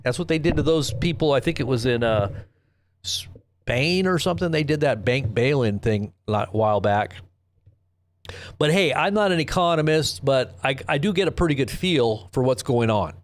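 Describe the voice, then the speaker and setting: A man's voice: medium pitch, animated, normal speed. A man hosting a casual live news stream, rambling and joking, often breaking off and restarting his sentences. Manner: rambling, self-interrupting, joking. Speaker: host. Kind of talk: casual livestream commentary.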